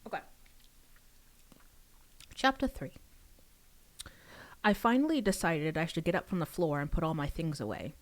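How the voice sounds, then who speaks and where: Low-voiced woman reading her book aloud. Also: darkish tone. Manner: casual, breaks off with chatty asides and laughs.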